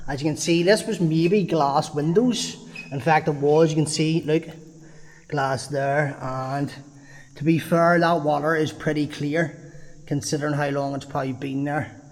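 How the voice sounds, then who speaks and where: Chatty, slightly high-voiced male vlogger. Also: fairly even intonation, a little slow. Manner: chatty, swears freely, thinks aloud with exclamations. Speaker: travel vlogger. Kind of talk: casual walking vlog commentary. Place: outdoors in an abandoned water park.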